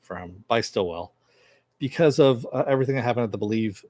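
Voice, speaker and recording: A man's voice: mid-range voice, brisk, warm tone, dry recording. A man giving a casual episode recap as a reviewer, retelling the plot with lots of fillers. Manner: rambling retelling full of fillers.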